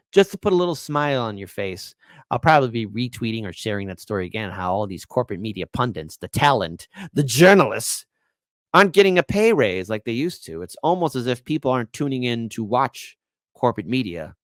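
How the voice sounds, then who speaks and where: A man hosting a political commentary show, sarcastic and taunting, his volume swinging from loud to quiet. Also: medium pitch, sing-song, fairly quick, no room sound.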